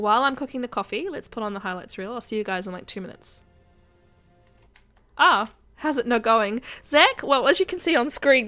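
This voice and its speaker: A woman's voice: on the high side, fairly bright tone. A woman chatting casually with her viewers while she plays a game on a live stream. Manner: chatty, addresses viewers directly.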